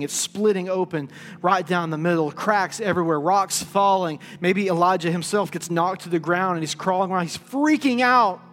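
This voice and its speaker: High-voiced male pastor in a reverberant hall. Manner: lively storytelling, plays out quoted voices; drops to a hush for key points. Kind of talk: sermon. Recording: reverberant hall with faint music.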